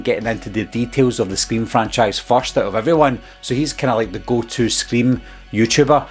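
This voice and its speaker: This film-review YouTuber has a mid-range, darkish voice. He speaks casually about his critics, sounding earnest yet exasperated, while faint music runs underneath.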